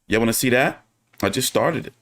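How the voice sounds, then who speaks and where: A man's voice: mid-range voice, brisk. A man hosting his own boxing channel, talking casually and ranting with lots of swearing. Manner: profane, animated, ranting. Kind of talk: casual livestream commentary.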